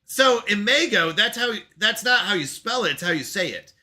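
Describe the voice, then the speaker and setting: A male streamer talks casually to his audience with an excitable manner and frequent laughter. His voice sits high and jumps around in pitch. The tone is very bright. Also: moderate pace. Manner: excitable, laughs often, exclaims at himself. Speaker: live-stream host. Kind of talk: casual live-stream chat.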